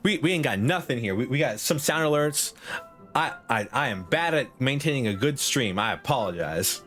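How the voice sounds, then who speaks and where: A man's voice: mid-range voice, lively intonation, normal speed, a bit bright. Guy streaming a game, laughs a lot, rambly, bit of music behind. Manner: giggly, rambling, self-deprecating. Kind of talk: casual game commentary.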